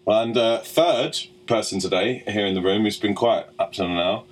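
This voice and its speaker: A man's voice: lowish voice, moderate pace, rough recording. A man hosting a podcast in casual chat, joking and swearing freely. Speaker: podcast host.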